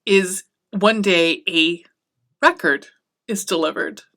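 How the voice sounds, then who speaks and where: A woman's voice: fairly low pitch, takes it slowly. A woman hosting a podcast, recapping a TV episode in casual, profane chat and acting out the characters' lines. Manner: chatty and excitable, swearing often, acting out the characters' lines.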